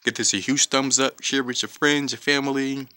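A man giving profane, trash-talking commentary over his own gameplay, reacting loudly to each fight. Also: mid-range voice, fairly even intonation, moderate pace, clear, resonant tone. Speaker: gaming channel host. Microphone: off-camera voice-only mic.

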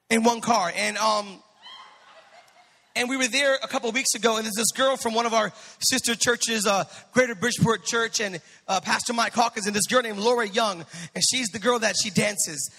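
Male pastor, high bright voice, fervent sermon delivery, long church reverb. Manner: preaching with rising fervor, swinging from soft to shouted.

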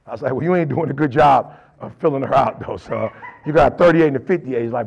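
A man's voice: medium pitch, quick pace, creaky, a little mellow, breathy edge, dull audio. A middle-aged man and motivational speaker, telling stories in a colloquial, emphatic way. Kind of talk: storytelling motivational talk.

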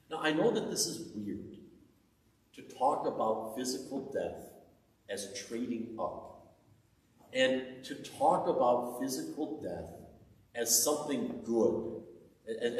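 A middle-aged man preaching a sermon, telling stories with earnest, emphatic delivery and some rising, taunting outbursts. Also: medium pitch. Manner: earnest storytelling, lively emphatic taunting with pauses. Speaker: pastor. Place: church sanctuary. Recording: echoey church from far off.

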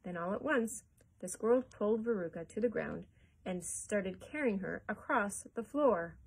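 A woman reads a children's chapter book aloud with animated, expressive storytelling. Her voice is mid-pitched with a husky grain. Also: normal speed, poor audio. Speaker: children's librarian.

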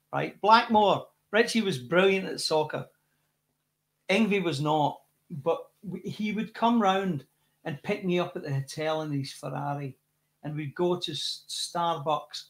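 A man with a Scottish accent, a rock singer chatting as a guest, telling lively stories with many restarts and repeated words. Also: a little high. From Scotland. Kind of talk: casual interview chat.

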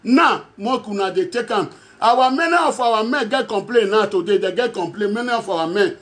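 A man's voice: high-pitched, lively intonation, moderate pace, a bit bright. A man from Edo State speaking Nigerian Pidgin with an Edo accent, addressing followers in a rambling, repetitive monologue and chuckling often. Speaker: self-styled prophet addressing followers. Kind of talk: direct-to-camera monologue.

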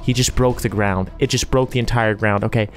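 A man's voice: on the low side, steady tone, a little fast, over music. Jittery man narrating a scary game. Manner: jittery, talks himself through scares. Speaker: gaming YouTuber. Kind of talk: live gameplay commentary.

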